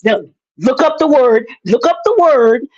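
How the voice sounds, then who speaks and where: A man's voice: very high-pitched, expressive, a little slow, crowd noise. A man in a heated debate who stammers and restarts, but stays firm and keeps pressing his point. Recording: dull lo-fi sound.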